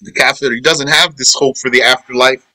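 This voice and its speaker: Bright-voiced man teaching scripture. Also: mid-range voice, steady tone, no echo, rough recording. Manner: recites Arabic verses quickly, then explains them in English with repetition. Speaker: Quran teacher. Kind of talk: verse-by-verse tafsir lesson.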